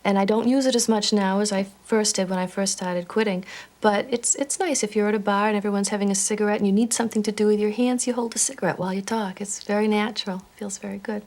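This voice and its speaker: A woman's voice: mid-range voice, fairly even intonation, quick pace, darkish tone. A married woman and former smoker, speaking earnestly and candidly in a documentary interview.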